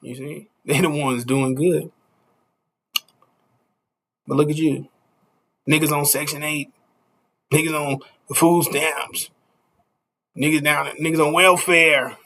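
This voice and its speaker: A man's voice: fairly high pitch, steady tone, takes it slowly, pauses often, sharp tone. A man preaching a casual street sermon, stopping often to ask "you see?" and chuckling between points.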